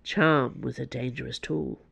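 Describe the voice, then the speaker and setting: A narrator reading an audiobook in an even, close storytelling voice, with quiet, lowered asides. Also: unhurried, creaky, slightly rough, no echo.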